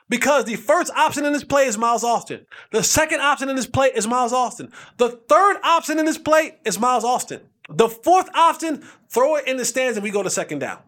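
A man with a notably high speaking voice tells a story on his podcast. His delivery leaps up and down in pitch, lively and emphatic, with repeated phrases for punch, like a former player reliving a big moment. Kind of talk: animated storytelling.

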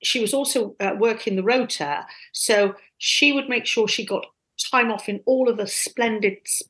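A woman casually telling animated, self-deprecating stories from her past. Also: a little high, normal speed, rough recording. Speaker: guest storyteller.

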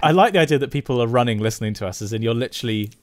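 A man's voice: mid-range voice, animated, very fast, no echo. A young man with a Swedish accent co-hosting a podcast, reading listener emails in a playful, jokey way. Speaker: podcast co-host.

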